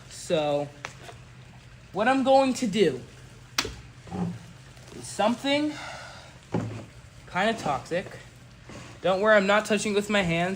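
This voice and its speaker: A young man with a slightly high voice talks his way through a home rocket build, circling back with "you know" as he works. A faint hum sits under his voice. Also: rough recording. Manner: rambling, full of "you know" fillers and restarts. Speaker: livestream hobby rocket builder. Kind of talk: casual livestream narration while working.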